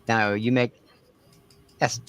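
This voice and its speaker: A man's voice: medium pitch, flat delivery, takes it slowly, fairly bright tone, clear, resonant tone, no echo. A man with a Brooklyn accent co-hosting a casual podcast, boisterous and teasing. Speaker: podcast co-host. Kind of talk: casual chat.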